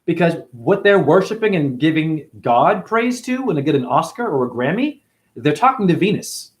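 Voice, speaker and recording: A man's voice: a little high, very animated, normal speed. A man hosting a casual livestream, reading viewer comments aloud and rambling in loose, slangy talk.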